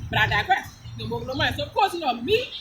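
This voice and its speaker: A woman's voice: high voice, fast, noisy background. A woman chatting casually through a personal story, blunt and profane, laughing often as she retells it. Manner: animated, lively retelling. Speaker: storyteller vlogger.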